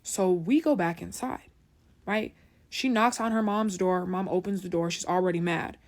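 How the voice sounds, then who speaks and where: A woman's voice: lowish voice, normal speed, a little mellow. Young woman, casual storytime, chatty, asks listener to agree. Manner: chatty, keeps asking "right?".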